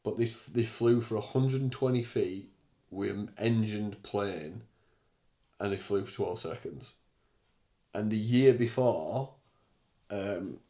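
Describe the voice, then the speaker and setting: A young man hosts a podcast alone, speaking at a measured pace in a fairly low, dark voice. His casual monologue is candid and blunt, with the occasional swear word.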